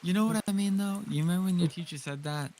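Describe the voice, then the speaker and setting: A man's voice: sits high, fast, dark tone. A man on voice chat with a friend, joking and bickering sarcastically. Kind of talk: casual gaming chat.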